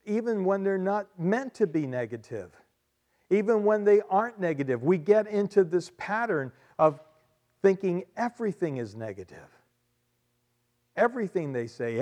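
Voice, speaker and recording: A man's voice: fairly high pitch, a little mellow. A man preaching a sermon as pastor, emphatic and conversational, often repeating key phrases and adding asides to his congregation.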